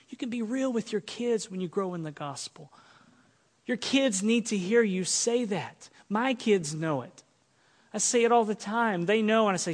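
A male pastor preaching an earnest sermon, swinging between loud emphatic lines and soft quiet ones. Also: high-pitched, normal speed, long reverb tail.

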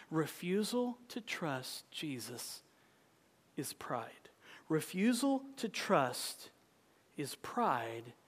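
A male pastor preaches to a congregation, his pitch leaping and falling with great animation. He hammers one phrase again and again, stressing a new word each time, then drops to a near-whisper. The sound carries the long reverb of a large sanctuary. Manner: swings between loud emphatic calls and hushed near-whispers; repeats key phrases with shifting stress. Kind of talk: sermon.

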